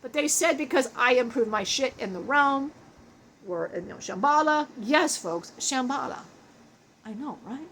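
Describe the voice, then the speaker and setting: A foul-mouthed, wisecracking spirit of a big bald man who has passed on, spoken by a woman channeling him. The voice is high, full of laughs, curses and offhand jokes, with a faint hiss of noise behind it. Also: expressive, normal speed, fairly bright tone. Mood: joking. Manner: crude, swearing, jokey, laughs often. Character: irreverent dead man's spirit, big bald joker.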